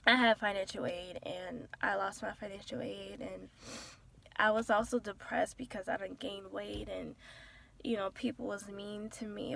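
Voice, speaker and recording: A young woman in her twenties, talking softly and hesitantly from inside a car as she shares a personal story, with many pauses and fillers. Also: medium pitch, creaky, slight background noise. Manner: soft-spoken and hesitant, with frequent "um" and "like". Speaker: vlogger sharing a personal testimony.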